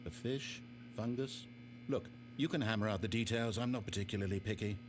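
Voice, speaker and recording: A man's voice: fairly low pitch, brisk, close to an everyday voice. A man voicing a sardonic, condescending game narrator with a dry, mocking delivery. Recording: game audio with steady hum.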